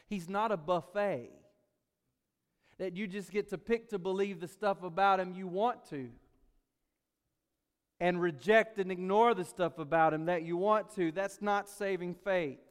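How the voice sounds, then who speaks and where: High-voiced impassioned preacher man. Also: measured pace, smooth, long reverb tail. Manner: impassioned preaching, swinging between loud urgency and quiet asides. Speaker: pastor. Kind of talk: sermon.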